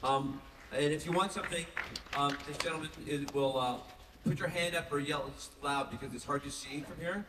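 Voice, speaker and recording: Brief: male panelist-auctioneer, higher-pitched voice, calling bids loud, recorded far off in a big hall. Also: background noise. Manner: calls bids briskly, rising and loud. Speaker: panel actor running an auction. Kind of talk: auctioneering at a fan convention. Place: large convention hall.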